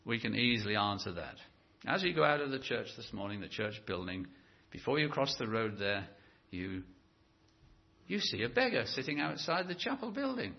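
Male preacher, lively sermon delivery with drawn-out emphasis, dull lo-fi church recording. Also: mid-range voice, gravelly. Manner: animated, stretches key words for emphasis.

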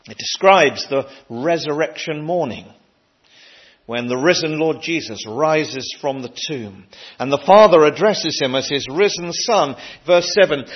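A man delivers a sermon with earnest emphasis, stumbling and restarting now and then. His voice sits a little high for a man. The recording is dull and lo-fi. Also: unhurried, husky. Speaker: preacher.

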